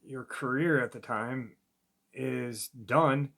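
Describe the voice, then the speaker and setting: Soft-spoken, halting male interviewer. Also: mid-range voice, creaky. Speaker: podcast host, interviewer. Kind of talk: casual interview chat.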